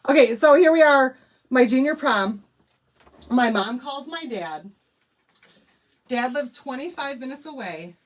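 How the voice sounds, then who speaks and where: A middle-aged woman, hosting a crafting livestream and telling a personal story in an emotional, chatty way. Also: fairly high pitch. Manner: emotional, chatty, addresses viewers as y'all. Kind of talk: chatty live tutorial with storytelling. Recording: faint background noise.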